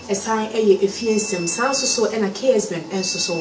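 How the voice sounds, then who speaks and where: A Ghanaian woman interviewing a guest, prompting him and giving soft affirmations. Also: medium pitch, normal speed, roomy sound, recorded from a distance, noisy background. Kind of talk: street interview.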